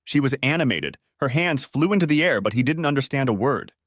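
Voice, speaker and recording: A man's voice: mid-range voice, animated, a little fast, fairly bright tone, no room sound, clean studio sound. Man reading a family drama story. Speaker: narrator. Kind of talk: scripted story narration.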